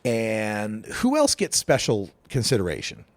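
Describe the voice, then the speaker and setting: A man's voice: lowish voice, wildly swooping pitch, measured pace, no room sound. A middle-aged man from Idaho, hosting a talk radio show and giving emphatic, opinionated political commentary with sarcastic asides.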